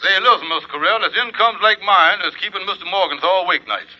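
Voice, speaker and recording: A man's voice: high-pitched, quick pace, crowd noise, lightly acted. A man voicing a boastful, money-proud male lodge leader who sounds smug and wheedling, in 1940s radio comedy acting. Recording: lo-fi 1940s radio broadcast with studio audience.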